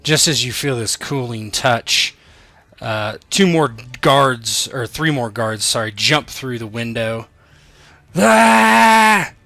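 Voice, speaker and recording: A man's voice: mid-range voice, takes it slowly, bright, forceful tone, no room sound. A man narrating as game master of a tabletop role-playing game, in a loose, rambling way, often correcting himself.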